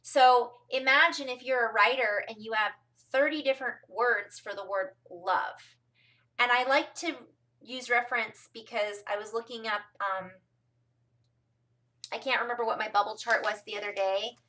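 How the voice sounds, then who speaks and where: A woman's voice: on the high side, moderate pace, pushed and bright, distant mic. A woman from California rambling through a casual spiritual talk to her viewers, with frequent ums and asides. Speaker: spiritual vlogger.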